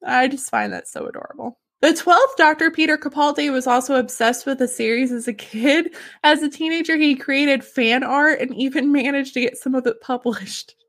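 Woman, high voice, giggly, enthusiastic, casual podcast chat, fun facts. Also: expressive, normal speed, few pauses, a bit bright. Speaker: podcast host.

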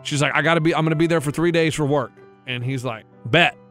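A man in a relaxed podcast chat, sitting slightly higher than most men's voices. He retells a conversation he overheard and mimics its speakers in a lowered drawl. Faint music runs underneath. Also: fast. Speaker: podcast co-host. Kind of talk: casual chat, storytelling.

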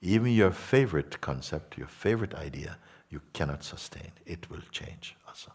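Husky, low-voiced man teaching softly. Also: expressive. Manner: slow, soft-spoken, repeats words. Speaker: spiritual teacher. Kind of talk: spiritual talk to listeners.

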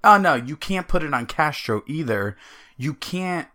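A man co-hosting a sports podcast, telling stories in an excitable, animated way. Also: fairly high pitch, measured pace. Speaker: podcast co-host. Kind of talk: casual sports chat.

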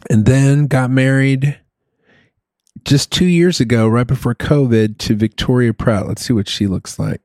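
A man at an ordinary pitch trades deadpan jokes in loose comedic banter. He spins absurd little stories with a straight face. The recording is dry and close. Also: unhurried, no echo. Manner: deadpan storytelling, riffing jokes. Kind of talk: casual comedic chat.

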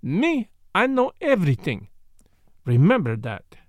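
Audiobook role: a pompous, solemn male detective, put on by a man reading, lively and sing-song, in a dry booth. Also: sits high, no room sound, heavily acted. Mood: grave. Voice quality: pompous, deliberate. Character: grave self-assured male Belgian detective, middle-aged.

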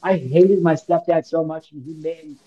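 A man in his thirties tells a heavy personal story in loose, slangy talk, and he acts out the lines he quotes. His voice sits a little high but sounds mellow and dark. The recording is dull and lo-fi. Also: normal speed, slightly rough. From Illinois, United States. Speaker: podcast guest.

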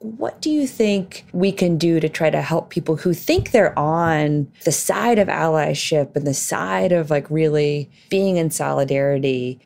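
A woman interviewing a guest, asking thoughtful, measured questions. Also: on the low side, gravelly, mellow.

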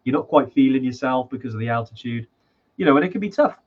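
A man's voice: mid-range voice, animated, fast, phone-quality sound. A man co-hosting a podcast in casual chat, rambling with lots of restarts and fillers. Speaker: podcast co-host.

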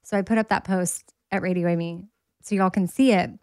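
A woman's voice: lowish voice, fairly even intonation, brisk, darkish tone, clean tone, dry recording, clean studio sound. A woman hosting a podcast in casual, upbeat chat. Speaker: podcast host.

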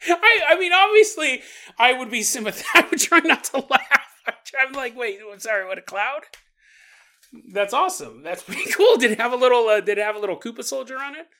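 A man hosts a paranormal podcast with a casual, rambling comedic monologue, laughing often and doing the voices of people he quotes. His voice is very high, sharp, and very animated, and he talks at a quick pace.

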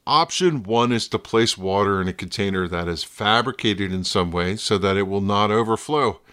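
New jersey guy hosting his podcast, kinda low voice, reads a script but keeps it playful. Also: fairly bright tone. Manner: playful, breaks into radio-announcer voice. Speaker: podcast host.

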